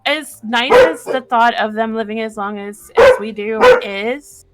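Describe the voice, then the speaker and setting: A woman chatting casually as a guest on a call-in show, talkative and quick to laugh. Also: on the high side, big pitch swings, loud music behind the voice. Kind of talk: casual chat.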